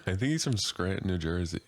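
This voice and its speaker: A man's voice: sits low, lively intonation, a little fast, no echo, studio quality. A young man co-hosting a casual podcast, laughing often and teasing crudely. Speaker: podcast co-host. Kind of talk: casual chat.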